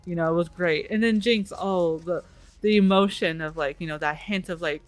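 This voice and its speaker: A woman's voice: lowish voice, moderate pace. A woman game master chatting after a tabletop game, gushing and full of fillers and restarts. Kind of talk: post-game wrap-up chat.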